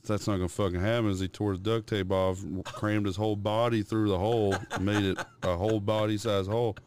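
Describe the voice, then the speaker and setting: A man's voice: fairly low pitch, little pitch movement, fairly quick, a little mellow, slight background noise. A young man on a podcast, casually telling profane, rambling stories about his toddler and mimicking the kid's noises. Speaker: podcast co-host.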